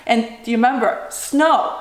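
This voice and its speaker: A fairly high-voiced woman in her thirties tells a family story for a vlog, acting the scenes out as she goes. She keeps asking "right?" to pull the listener along. Her voice rings in a roomy, echoing space. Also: moderate pace. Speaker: mother telling a family story. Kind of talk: storytime vlog, casual retelling. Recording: roomy echoing room sound.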